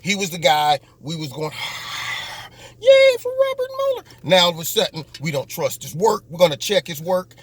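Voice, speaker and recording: Male host, fairly high voice, sarcastic political monologue with mocking impressions. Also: brisk, few pauses, fairly bright tone, slightly rough.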